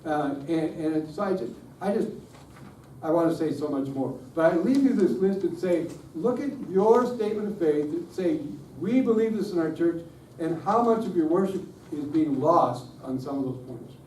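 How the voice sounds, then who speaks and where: Middle-aged guy lecturing at a conference, dark mellow voice, far off in an echoey room w/ faint hiss. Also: a little high, lively intonation, moderate pace. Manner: self-deprecating, joking with the audience. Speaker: conference speaker on worship. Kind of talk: lively conference talk. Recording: roomy, distant room mic, faint hiss.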